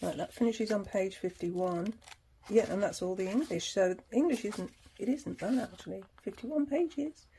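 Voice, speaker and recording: Mellow, breathy woman unboxing a deck. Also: mid-range voice, moderate pace. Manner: chatty, laughs easily, reads passages aloud. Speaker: tarot channel host. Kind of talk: casual unboxing chat.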